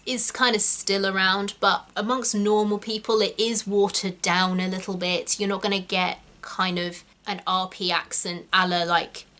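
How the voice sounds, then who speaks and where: A woman talks through acting advice in a casual vlog. Her tone is bright, and her delivery is chatty and loose, full of little "like"s and "kind of"s. She sounds like a working actor sharing tips. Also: mid-range voice.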